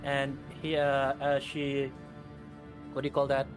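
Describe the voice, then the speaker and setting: A man's voice: medium pitch, completely flat delivery, measured pace. A man running a tabletop game as game master, describing scenes in a hesitant way full of fillers and restarts. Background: background music.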